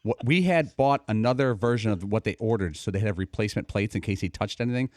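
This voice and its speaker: Fast-talking man recounting a prank. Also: fairly low pitch, a little mellow, dry recording, studio quality. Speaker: show crew member. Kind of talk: casual storytelling.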